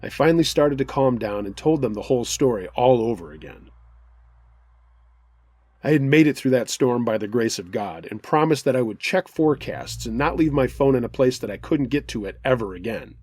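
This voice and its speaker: A man's voice: mid-range voice, animated, moderate pace, a little mellow, husky, dry recording. A man hosting a scary story show, reading a listener's first-person account with earnest, dramatic storytelling.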